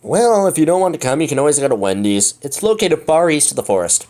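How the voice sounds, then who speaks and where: A man reading a fanfic aloud, voicing a boy in a mock-manly, deadpan deep voice. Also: fast talker. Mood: mock-serious.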